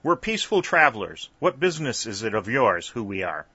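A man reading aloud puts on a rough mountaineer bandit leader who blusters and dares anyone to stop him. The voice is raised and bright, and the recording is dry and a little dull. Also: on the low side, big pitch swings, a little fast, no room sound, full character voice. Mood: indignant. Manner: loud, blustering, defiant.

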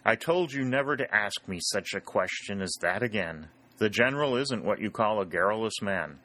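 A man's voice: fairly low pitch, lively intonation, moderate pace, pushed and bright. A man reading the lines of an earnest, confident young officer in an audiobook.

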